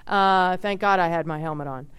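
Chatty woman in her fifties, smooth voice. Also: on the low side, normal speed. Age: 50s. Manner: chatty, expressive, many fillers and asides. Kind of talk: casual personal storytelling.

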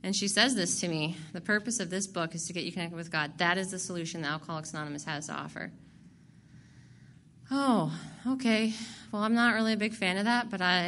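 A woman's voice: on the low side, bright, forceful tone, a little hiss or hum. A woman candidly sharing her recovery story to a group, blunt and profane and laughing at herself. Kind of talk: candid personal testimony.

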